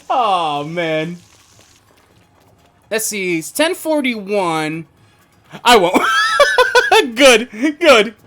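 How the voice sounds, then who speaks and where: A man's voice: high voice, a bit bright. A man streaming and casually telling a story to his chat, swearing often, laughing a lot and filling his talk with "like" and "um". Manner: profane, laughing, lots of filler words.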